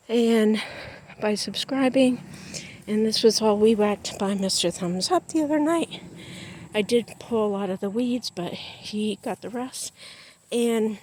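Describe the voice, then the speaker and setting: Woman, out of breath, slow folksy walk-and-talk vlog outdoors. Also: fairly high pitch, a little mellow, husky. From United States. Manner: chatty, folksy, talks to viewers as y'all. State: out of breath from walking. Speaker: vlogger. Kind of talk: casual vlog chat while walking. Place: outdoors in a backyard.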